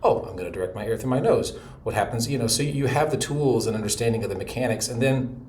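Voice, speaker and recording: A middle-aged man teaching a relaxed, chatty voice lesson, breaking into short sung demonstrations. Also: mid-range voice, quick pace. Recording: echoey room with faint noise.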